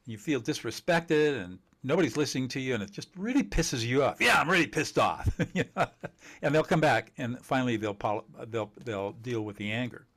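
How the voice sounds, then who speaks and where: A man teaching communication skills in an interview, emphatic and animated, laughing often and acting out quoted dialogue. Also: mid-range voice, brisk. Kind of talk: conversational interview.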